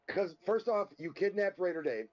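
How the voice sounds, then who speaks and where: A man's voice: animated, normal speed, a little mellow. A man co-hosting a podcast, trading crude improvised comedy banter in a blunt, insulting way. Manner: blunt, insulting, swinging pitch. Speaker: podcast co-host. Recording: dull lo-fi audio.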